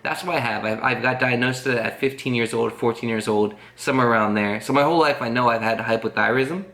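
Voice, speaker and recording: A man's voice: mid-range voice, fast, a bit bright. A man telling a long personal story to camera in a casual vlog, rambling and earnest, full of fillers. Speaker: family vlogger. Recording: roomy echo with faint guitar music.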